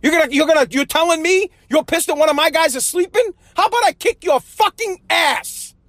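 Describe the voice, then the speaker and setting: Man doing a hot-headed dad, high pitched and combative. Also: brisk, fairly bright tone, no room sound, studio quality. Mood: outraged. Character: angry blunt father scolding a critic.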